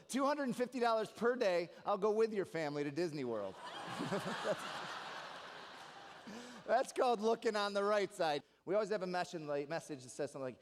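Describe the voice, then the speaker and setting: A man's voice: sits high, slight background noise. A young man performing stand-up comedy on a live stage, telling jokey stories with lots of asides. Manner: animated, jokey storytelling with asides. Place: live stage in a large hall. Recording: live hall with reverb.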